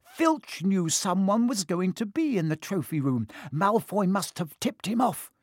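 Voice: medium pitch, expressive, a little slow, no echo, clean studio sound, pitched above the performer's own voice. A narrator voicing a clever, bossy schoolgirl who talks breathlessly and insistently, in an audiobook reading.

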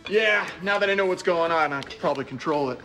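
A man acting out a goofy, excitable sitcom character with a zany, bouncy delivery. The voice sits mid-range, with loud music all around it. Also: a little high, fast, close to an everyday voice.

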